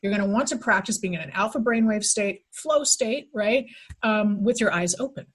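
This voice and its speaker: A woman guest on a podcast, explaining relaxation steps in a soft, slow, hypnotic guiding manner. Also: medium pitch, slightly rough. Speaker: podcast guest, teacher of mental techniques. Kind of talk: podcast conversation.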